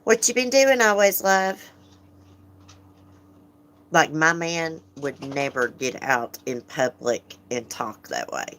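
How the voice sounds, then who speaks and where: A woman's voice: low-pitched, takes it slowly, pauses often, a bit bright, slight background noise. A woman hosting a casual livestream, chatting frankly, laughing often and greeting viewers as she reads comments. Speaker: livestream host.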